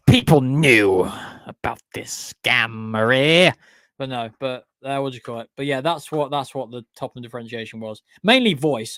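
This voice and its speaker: A man's voice: medium pitch, no room sound, clean studio sound. A young man chatting on a livestream about his channel's history. He rambles, swears often and keeps stopping to say "what do you call it". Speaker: YouTube channel creator. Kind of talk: casual livestream chat.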